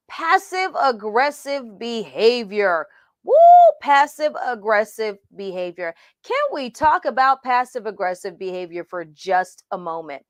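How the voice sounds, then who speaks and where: A woman's voice: medium pitch, no echo, clean studio sound. A woman teaching a class on mentoring from slides, talking emphatically and acting out quoted voices.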